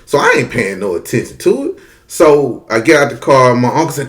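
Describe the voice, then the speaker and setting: A man tells a story casually and animatedly, swearing a lot and addressing his audience directly as "y'all." His voice is medium-pitched and fast.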